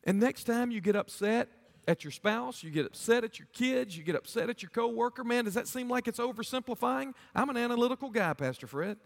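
Man, pastor, sermon, earnest, questions to the congregation, high voice, long echo of a church hall. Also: expressive, a little fast, vocal fry.

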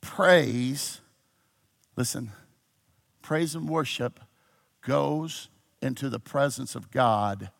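A man preaching a sermon to a church congregation, swinging between shouted exhortation and low, intimate teaching. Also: drawn-out words, creaky, pauses often.

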